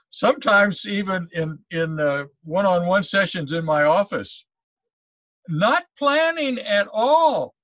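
A man's voice: sits high, lively intonation, slow pace, fairly bright tone, no room sound. A man hosting an interview over a video call, easygoing and chatty, laughing along. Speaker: host. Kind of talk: casual interview conversation. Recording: dull dry video-call audio.

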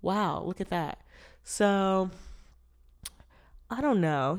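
A woman's voice: medium pitch, unhurried, long pauses. A young woman hosting her own podcast, talking candidly and playfully with a stuffy nose from allergies. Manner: chatty, candid and playful, with bursts of loud laughter and sung lines. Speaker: podcast host. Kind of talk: casual solo podcast chat.

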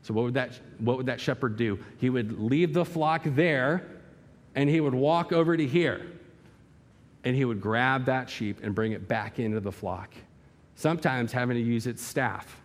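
A man's voice: medium pitch, moderate pace. A male pastor preaching a sermon in a church hall, emphatic and full of rhetorical questions and vivid illustration.

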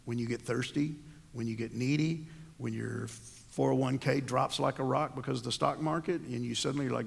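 Gravelly-voiced man preaching in a hall. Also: medium pitch, fairly even intonation, moderate pace. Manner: asks the congregation rhetorical questions. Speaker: pastor. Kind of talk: sermon.

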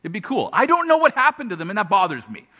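A male pastor preaching a sermon, telling a Bible story with animated storytelling and acted-out voices. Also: sits high, fast talker, slightly rough.

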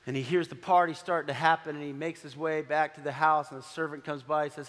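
A man pastor preaching a sermon, dramatic, moving from loud exclamations to soft, low appeals. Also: lively intonation, fast, hardly any pauses, in a large hall.

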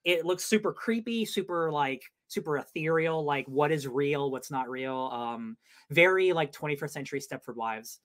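A podcast co-host chatting excitedly about upcoming films, bubbly and full of fillers. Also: mid-range voice, normal speed. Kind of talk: casual movie chat.

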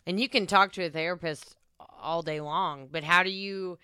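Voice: medium pitch, fairly even intonation, normal speed, sharp tone, smooth, no echo, clean studio sound. A podcast co-host talking candidly and openly in casual chat. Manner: candid and open, talks frankly about personal matters.

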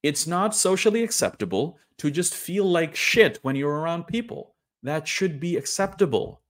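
A young man talking earnestly and candidly to camera, halting and restarting as he speaks. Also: on the high side, big pitch swings. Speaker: online creator sharing personal story. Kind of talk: candid personal monologue.

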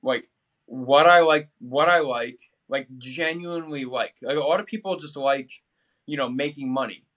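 A man's voice: medium pitch, normal speed, a bit bright. A young man from New England, talking in a casual interview with energy, lots of fillers and restarts. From New England, USA. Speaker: podcast guest.

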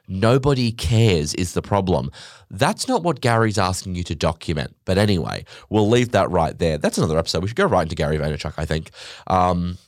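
A man's voice: no room sound, clean studio sound. A man hosting a podcast, delivering a sarcastic, profane comedic rant. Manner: sarcastic, profane, animated swings in pitch. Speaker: podcast host. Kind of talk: ranting comedic monologue.

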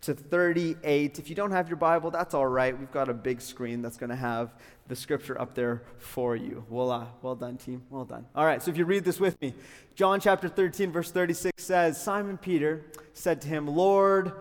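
A man's voice: a little high, steady tone, moderate pace. A young adult man from Calgary, preaching a sermon as pastor in an upbeat, friendly way with joking asides. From Calgary, Canada. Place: school hall used for church. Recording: long hall reverb.

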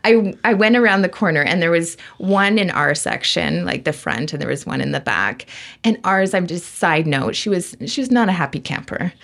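A woman guest on an interview show, telling a personal story in an animated, expressive way full of "like" and acted-out quotes. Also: fairly low pitch, normal speed, gravelly. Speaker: guest, intuitive medium.

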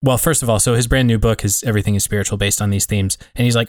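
Man, podcast co-host, low voice, reflective, rambling, dry recording. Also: fairly even intonation, racing, a little mellow, dry recording. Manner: reflective, rambling, many fillers. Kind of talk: casual conversation.

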